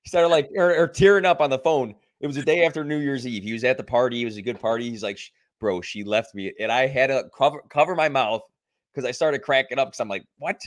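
A young man in a relaxed podcast chat. He spins animated party stories at a middle pitch and acts out what people said. His delivery is loose and full of fillers. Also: fast talker. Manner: animated storyteller, acts out quoted lines. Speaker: podcast co-host. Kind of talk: casual storytelling chat.

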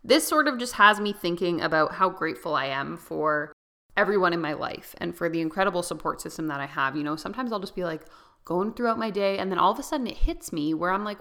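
Bright, chatty young woman podcast host. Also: on the low side, lively intonation, a little fast. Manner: chatty and rambling, often laughing. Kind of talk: unscripted solo podcast talk.

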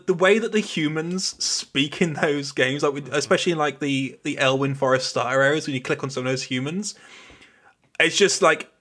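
A man's voice: mid-range voice, bright, forceful tone. A man hosting a podcast, chatting casually and rambling through his thoughts. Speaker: podcast host.

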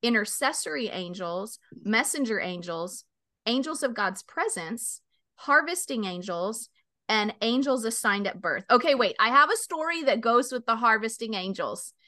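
A woman in her forties hosting a podcast, telling a story animatedly and acting out the voices. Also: moderate pace. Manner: animated storyteller, acts out voices with big pitch jumps. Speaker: podcast host. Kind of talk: casual chat, storytelling.

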